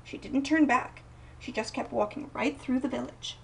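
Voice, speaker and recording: Gentle young woman reading a storybook aloud. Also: high voice, moderate pace, creaky, distant mic, slight background noise, poor audio. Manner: gentle, expressive read-aloud with soft dips for quoted lines. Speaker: storybook reader. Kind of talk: reading a picture book aloud.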